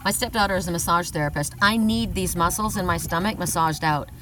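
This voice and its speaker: A woman's voice: on the low side, a little fast, distant mic, background noise. A middle-aged woman giving a casual oracle card reading, chatty, often laughing, whooping and swearing.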